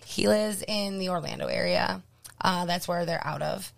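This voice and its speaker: Hoarse woman radio co-host, gravelly. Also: lowish voice, normal speed. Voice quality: gravelly, throat-clearing. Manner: blunt, joking, lots of ums. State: losing her voice, hoarse. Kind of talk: casual radio chat.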